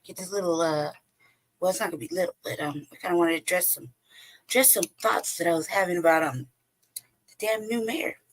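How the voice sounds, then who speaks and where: A woman hosting a livestream in a casual, rambling way, hoarse from losing her voice and often pausing to search for words. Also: on the low side, poor audio. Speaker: host. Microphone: home streaming setup.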